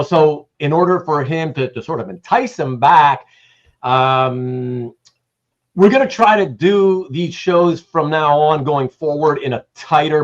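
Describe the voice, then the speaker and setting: Dude rambling on his stream, shouts out chat names, swears a bit, muffled lo-fi sound. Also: fairly high pitch. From Canada. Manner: rambling, greets chat viewers by name, swears casually. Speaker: livestream host. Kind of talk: casual livestream chat.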